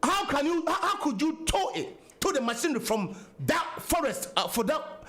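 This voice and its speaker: A man's voice: very high voice, very animated, normal speed, a bit bright. A man with a Ghanaian accent hosting a political talk radio show, speaking in an impassioned, repetitive way and switching between English and Twi.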